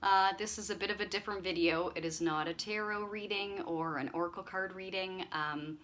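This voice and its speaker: Bright-voiced woman chatting casually. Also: mid-range voice, fairly even intonation, brisk. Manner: chatty, warm-hearted rambling with frequent fillers. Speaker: channel host. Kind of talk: casual chat to camera.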